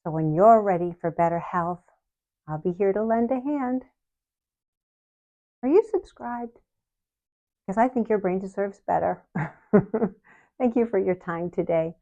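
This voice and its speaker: A woman in her sixties, the channel host, telling her personal story to camera in a slow, earnest way with soft laughs. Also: medium pitch, lively intonation, muffled recording. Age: 60s.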